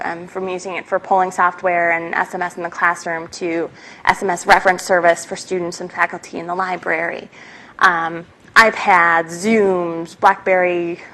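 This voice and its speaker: Woman, Minnesotan accent, slightly low voice, chatty conference panelist. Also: fairly bright tone, poor audio. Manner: chatty, frequent ums. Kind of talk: conference presentation.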